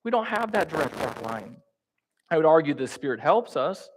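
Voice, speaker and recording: A man preaching in a church with a slightly high voice. His delivery is relaxed and conversational, and he keeps it light with humor, acting out the voices he quotes. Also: normal speed, slightly rough. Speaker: pastor teaching a class. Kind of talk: sermon.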